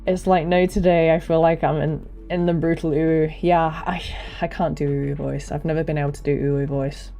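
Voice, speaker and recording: A young woman with a deep, low voice chats loosely on a home livestream. Her tone is mellow and soft-edged, and she rambles with restarts and self-deprecating asides into a desk mic on a stand. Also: little pitch movement, brisk, few pauses, soft background music. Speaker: streamer and hobby voice actor. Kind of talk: casual livestream chat. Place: home streaming setup.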